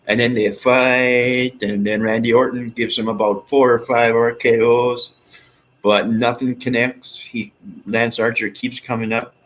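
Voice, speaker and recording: A man vlogging in a rambling, excitable monologue, with some swearing. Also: medium pitch, a little slow, rough recording. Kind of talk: casual monologue.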